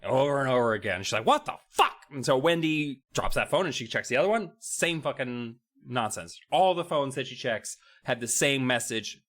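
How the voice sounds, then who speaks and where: A man recapping a children's horror book on a casual comedy podcast. His voice sits at an average pitch but swings widely as he jumps in and out of silly character impressions. He tells the story with a loose, playful energy. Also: normal speed, hardly any pauses. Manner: animated storyteller, acts out characters in goofy voices. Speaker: podcast co-host.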